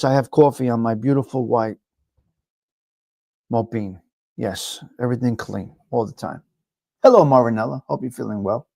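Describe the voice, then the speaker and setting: A man's voice: on the high side, a little mellow, dry recording. Blunt, profane New ranting man. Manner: blunt, profane, repeats himself. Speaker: live stream host. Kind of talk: casual ranting chat with viewers.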